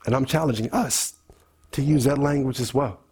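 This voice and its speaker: A man's voice: medium pitch, normal speed, a little mellow, slightly rough. A man preaching a sermon, teaching through a letter in casual, emphatic speech that repeats words and mixes scripture with everyday talk.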